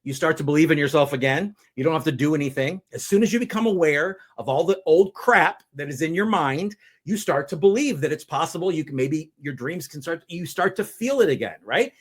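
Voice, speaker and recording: Lively higher-voiced man teaching. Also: a little fast, few pauses, breathy edge. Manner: energetic, explains step by step with examples. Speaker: mind power speaker, guest. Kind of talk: conversational teaching.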